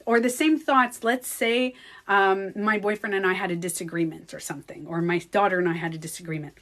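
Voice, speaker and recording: A woman chatting casually on a livestream, animated and laughing often, acting out her own thoughts. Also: medium pitch, a little fast. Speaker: beauty coach and vlogger.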